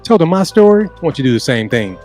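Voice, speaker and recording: A man co-hosting a sports interview show, brisk and friendly. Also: a little high, sing-song, a little mellow, soft background music. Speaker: podcast co-host.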